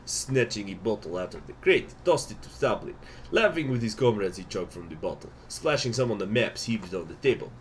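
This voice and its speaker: A man's voice: lowish voice, lively intonation, a little fast, slight background noise, lightly acted. A man doing a mock-Russian story reader. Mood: dramatic. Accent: put-on Russian. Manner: theatrical read-aloud.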